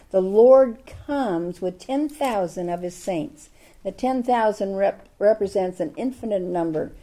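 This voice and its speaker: Older woman, Bible study teacher, mellow voice, chatty and full of questions to the class. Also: lowish voice. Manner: chatty, asks the listeners many questions.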